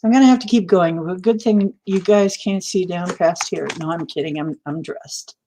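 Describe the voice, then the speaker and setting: Hosting a livestream, this woman talks casually with viewers, laughing a lot and calling out their names. Her voice is lowish and warm at a normal speed, with slight background noise.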